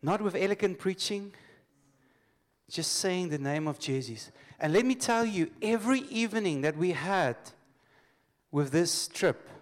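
A man preaches in a higher-pitched voice. He leads the congregation in call-and-response and laughs readily. His storytelling is loose and full of restarts. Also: expressive, a little slow. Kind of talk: sermon. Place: church congregation.

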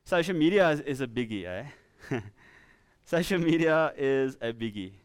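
Earnest South African preacher, clear voice. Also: male voice, medium pitch, expressive, dry recording. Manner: earnest, with laughing asides and slow emphatic scripture reading. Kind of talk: sermon. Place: church.

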